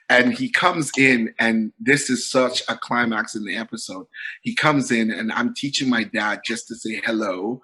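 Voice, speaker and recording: A middle-aged Canadian comedian telling funny stories in a casual podcast chat, laughing often. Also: male voice, medium pitch, normal speed, slightly rough, low-quality recording. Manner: animated storytelling, laughing often.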